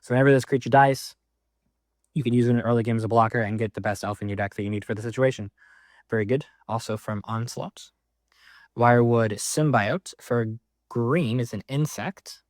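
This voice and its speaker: A man casually walking through a card game deck, reading card text aloud with quick offhand comments. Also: mid-range voice, fairly even intonation, dry recording, clean studio sound.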